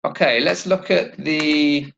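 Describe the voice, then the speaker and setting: A man teaching an English vocabulary lesson, slowly modelling pronunciation and asking learners to repeat. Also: on the high side, fairly even intonation, gravelly, a bit bright, highs cut off, slight background noise. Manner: slow, deliberate, models pronunciation for repetition.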